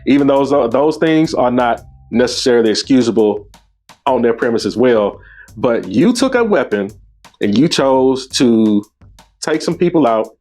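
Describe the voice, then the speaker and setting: A male host talks over a clip in a mid-pitched voice, emphatic and scornful, and his pitch climbs when he is indignant. Faint music runs underneath his commentary. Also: lively intonation, measured pace, darkish tone.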